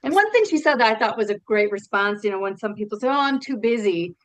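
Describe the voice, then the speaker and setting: A woman's voice: mid-range voice, lively intonation, fast, no echo, poor audio. A woman on a team call thoughtfully relaying what she took away from a training session. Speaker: team member sharing notes. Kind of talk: casual chat on a call.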